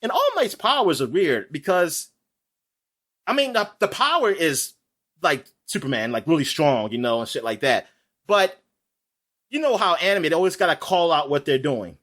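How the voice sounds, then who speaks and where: A man co-hosting a podcast, talking in casual chat that rambles, with quick asides and frequent laughs. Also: on the high side, very animated, fairly bright tone. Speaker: podcast co-host.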